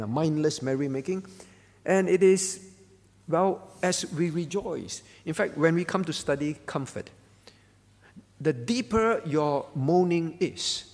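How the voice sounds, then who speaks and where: A man's voice: a little high, a little mellow, in a large hall. A male pastor giving a conversational sermon at a prayer meeting, often checking in with the congregation by asking "all right?". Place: church hall.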